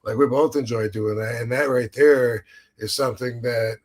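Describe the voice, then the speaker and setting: A man's voice: medium pitch, steady tone, moderate pace. A man hosting a podcast, telling a rambling story full of restarts and acted-out quotes. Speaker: podcast host. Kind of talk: casual chat.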